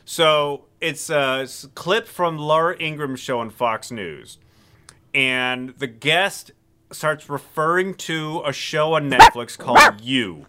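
A man co-hosting a podcast in casual chat, recapping a story in a measured, explanatory way. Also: fairly high pitch, lively intonation, bright, forceful tone. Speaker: podcast co-host.

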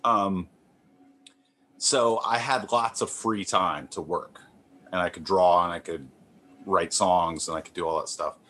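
Low-voiced man chatting in an interview. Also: a little slow, long pauses, sharp tone, slight background noise. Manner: rambling, self-deprecating, many fillers and restarts. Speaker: comic artist guest. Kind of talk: relaxed conversational interview.

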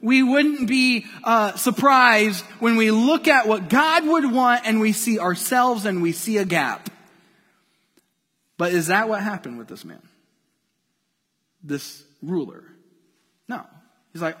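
A man's voice: fairly high pitch, measured pace, long pauses, pushed and bright, long reverb tail. A man preaching a sermon in a conversational way, acting out the voices of people he quotes. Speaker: pastor.

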